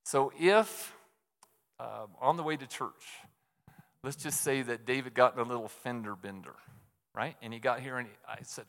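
A man's voice: medium pitch, normal speed, creaky, a bit bright. A man preaching a sermon as a pastor, candid and self-deprecating, talking conversationally with lots of fillers. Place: church sanctuary. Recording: echoey hall reverb.

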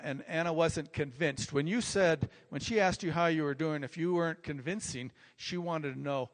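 An older man, a pastor, telling a personal story in sermon style, rambling and repeating himself, growing animated. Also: a little high, normal speed. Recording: long reverb from a large hall.

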